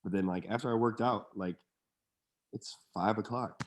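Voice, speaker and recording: Low, flat-voiced young man, laid-back. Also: moderate pace. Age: young adult. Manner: laid-back, slangy storytelling. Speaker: guest, pro football player. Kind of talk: casual podcast interview.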